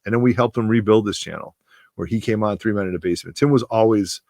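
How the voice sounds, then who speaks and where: A man in his forties with a lowish voice talks straight into a dry, close mic. He hosts a comic book channel and gives a heartfelt tribute that rambles and runs with emotion. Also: fast talker, gravelly, a little mellow, no echo.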